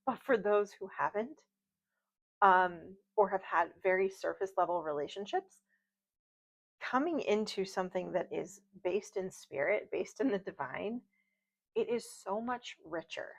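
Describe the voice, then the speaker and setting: A woman's voice: medium pitch, expressive, measured pace, gravelly. A woman giving a casual tarot reading at home at night, chatty and rambling, with light laughs and side stories. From United States. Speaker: tarot reader. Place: home at night, outdoor noise faint. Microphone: video call style home recording. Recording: slightly dull, lo-fi home recording.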